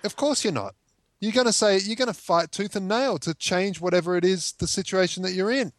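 A man's voice: high-pitched, brisk, no echo. A man co-hosting a casual commentary chat, arguing his point with rhetorical questions. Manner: argumentative, fires rhetorical questions. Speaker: co-host.

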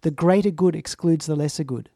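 A man's voice: a little high, fairly quick, gravelly, warm tone, dry recording, clean studio sound. A man hosting a casual commentary chat, speaking earnestly and with emphasis, lingering on his phrases. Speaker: talk show host.

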